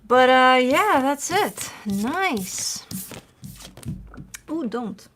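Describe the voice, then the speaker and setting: A woman's voice: high voice, very animated, extremely slow, fairly bright tone, a little hiss or hum. A woman hosting a tarot channel, chatting casually at home, swearing freely and cooing at her dog. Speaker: tarot reader and channel host. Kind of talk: casual chat to camera.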